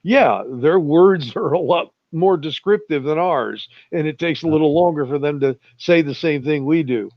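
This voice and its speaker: A man in casual online talk, drawling slowly and chuckling as he tells stories. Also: a little high, dry recording. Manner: slow, drawling storyteller, chuckles often. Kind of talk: casual chat. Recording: muffled lo-fi voice chat.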